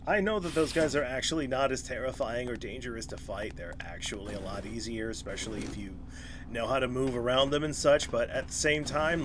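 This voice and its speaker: A man's voice: mid-range voice, brisk, a bit bright, a little hiss or hum. A man in his thirties giving casual let's-play commentary, talking to himself and to enemies and laughing often. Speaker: gameplay streamer.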